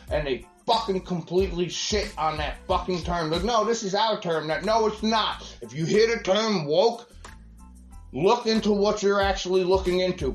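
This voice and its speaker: A man's voice: fairly high pitch, echoey room. A man hosting a podcast who rants in a heated, profane way. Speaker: podcast host. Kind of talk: heated casual rant.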